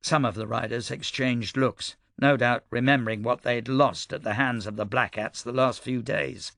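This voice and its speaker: Gravelly-voiced male audiobook narrator. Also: medium pitch, steady tone, normal speed, hardly any pauses, a bit bright, dry recording, clean studio sound.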